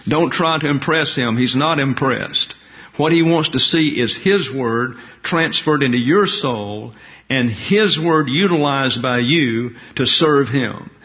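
A man preaching an expository Bible teaching sermon as pastor, speaking deliberately, explaining Greek terms and making side remarks. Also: mid-range voice. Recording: dull lo-fi recording.

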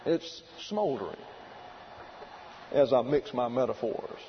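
A man preaching a sermon, working through numbered points in a deliberate, emphatic way. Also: mid-range voice, animated, muffled recording, slight background noise. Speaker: pastor.

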